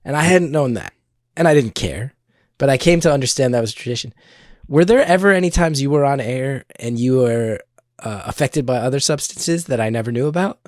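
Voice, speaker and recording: A man, a comedian guest on a podcast, chatting casually and telling stories in a playful, animated way. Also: medium pitch, brisk, dry recording, studio quality. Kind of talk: casual chat.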